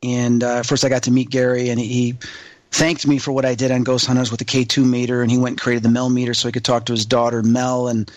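A man's voice: medium pitch, fast, no echo. A man, a guest in an interview, telling a story with lots of fillers and acting out the voices of the people he quotes. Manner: animated, acts out quoted voices, rambling with many fillers. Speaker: paranormal investigator guest.

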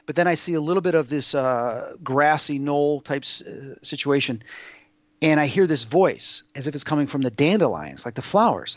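A man's voice: fairly high pitch, expressive, moderate pace, no echo, dull audio. A man telling personal stories in a casual interview, earnest and rambling, with many fillers and restarts. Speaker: guest sharing personal experiences. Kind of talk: casual spoken storytelling.

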